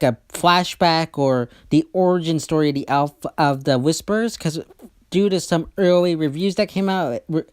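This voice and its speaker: A YouTube host talks casually through a TV trailer, giving opinions and predictions. The delivery is chatty and a bit halting, with frequent restarts and self-corrections. The voice sits in a middle pitch. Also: darkish tone. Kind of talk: casual trailer breakdown commentary.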